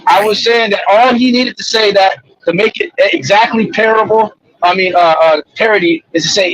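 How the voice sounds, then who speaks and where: A man's voice: high voice, normal speed, fairly bright tone, no echo, poor audio. A man on a live-stream panel, telling a rambling, profane story in casual chat.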